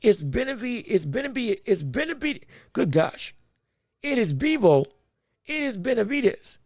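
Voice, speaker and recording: Commenting live on a fight, a man hosting a boxing podcast speaks in a very high, gravelly, raspy voice that is also a little mellow, recorded close and dry with no echo or room sound. He is very animated at a moderate pace, rambling, stammering and correcting himself mid-thought.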